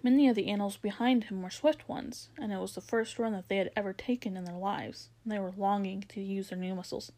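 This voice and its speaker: A woman reads a children's novel aloud at a mid pitch. Her telling is steady and plain, now and then tripping over a word and starting it again. It sounds like a home-made audiobook reading. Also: brisk, hardly any pauses. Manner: steady storytelling with occasional stumbles and restarts. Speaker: narrator.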